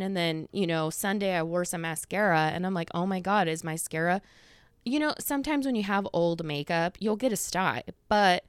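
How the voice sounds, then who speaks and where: A slightly slow-speaking podcast host in her thirties has a fairly low voice with a clean tone, captured in a dry, studio-quality recording. She chats in a loose, rambling monologue full of fillers and quoted asides, sounding a bit out of breath.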